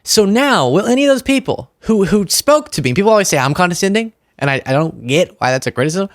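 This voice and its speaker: A man's voice: high-pitched, fast, no room sound, clean studio sound. A young man hosting a political commentary show, talking in a sarcastic, mocking monologue. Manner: sarcastic, animated, mocks opponents in put-on voices.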